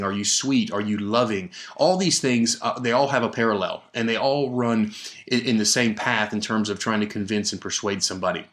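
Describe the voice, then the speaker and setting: A man hosting a sales coaching podcast, talking in an emphatic, energetic motivational style and repeating key words for stress into a podcast microphone. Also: medium pitch. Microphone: studio podcast microphone.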